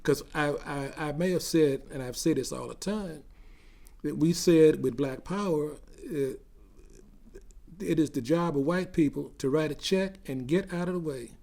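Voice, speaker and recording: An older man recounting memories in an oral history interview, growing animated as he tells a story. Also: a little high, a little slow, creaky.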